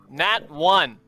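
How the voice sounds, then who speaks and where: Bright, lively man at the table. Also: high voice, creaky. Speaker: player. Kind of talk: casual play at a tabletop game.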